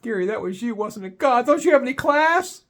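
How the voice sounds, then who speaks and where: A shrill, appalled woman scolds her date with sharp disgust, as a man puts her on in a high voice. Her voice jumps up high and stays pinched and nagging. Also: expressive, fairly quick, exaggerated voice. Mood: scolding.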